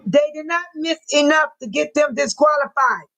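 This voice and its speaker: An older woman hosting a casual livestream from home, talking straight to her viewers in chat, emotional and quick to bless and pray. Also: high-pitched, creaky, fairly bright tone, soft background music, poor audio. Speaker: livestream host.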